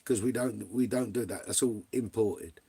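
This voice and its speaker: A man's voice: on the low side, normal speed, gravelly, warm tone, husky, dry recording. A middle-aged English man chatting casually on a livestream, answering viewers in a blunt, rambling way and swearing a lot. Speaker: vlogger.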